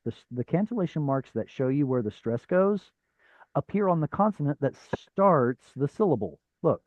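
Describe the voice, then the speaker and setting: A man's voice: a little high, animated, normal speed, no echo, dull audio. A man teaching a Hebrew reading class over a video call, patient and step by step, with frequent fillers. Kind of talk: live online class teaching.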